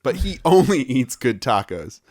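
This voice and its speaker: A man co-hosting a comedy podcast, goofing around and acting out little bits. His voice runs somewhat high and moves around a lot. The recording is dry and close. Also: a little mellow, no room sound. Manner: jokey, acts out silly bits. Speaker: podcast co-host. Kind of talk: casual comedic chat.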